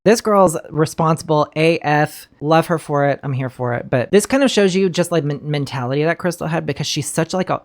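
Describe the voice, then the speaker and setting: A woman's voice: low voice, fairly quick, hardly any pauses. A woman giving casual, chatty commentary on a TV episode, swearing freely and talking straight to her viewers. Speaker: TV show reviewer.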